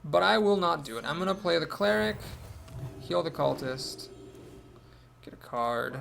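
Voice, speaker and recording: A man's voice: a little high, lively intonation, measured pace, gravelly, a bit bright, a little hiss or hum. A man thinking aloud as he commentates his own card game, with wry asides. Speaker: gameplay commentator.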